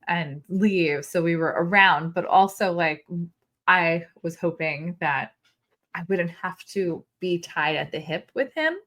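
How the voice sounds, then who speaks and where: A woman's voice: fairly low pitch, unhurried. A woman co-hosting a casual podcast, telling candid stories with laughter. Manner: candid, animated storytelling, laughs. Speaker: podcast co-host. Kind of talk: casual chat.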